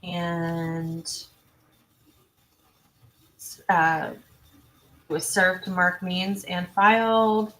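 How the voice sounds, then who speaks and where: A woman hosting a true crime livestream, chatty and self-interrupting, reading viewer comments and adding quick asides. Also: mid-range voice, fairly bright tone. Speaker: true crime channel host. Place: home.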